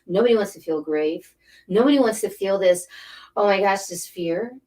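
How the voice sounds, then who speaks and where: A woman's voice: medium pitch, moderate pace, darkish tone. Middle-aged woman, rambling spiritual pep talk. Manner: rambling, emphatic, repeats phrases. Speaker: spiritual coach and angel card reader. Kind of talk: casual inspirational talk. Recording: voice a bit distant from the mic.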